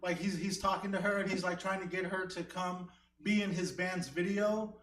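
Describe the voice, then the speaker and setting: A man's voice: high voice, fairly even intonation, normal speed, a bit bright, slight background noise. A male stand-up comedian rambling through a story with lots of fillers on a comedy theater stage. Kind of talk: casual onstage banter. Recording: echoey room, mic at a distance.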